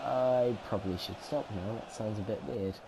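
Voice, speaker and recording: A young man with a somewhat low voice talks casually over his football game replay. He rambles from point to point, full of ums and restarts. Steady background noise sits under his voice. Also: fairly quick. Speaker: gaming commentator. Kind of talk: casual gameplay commentary.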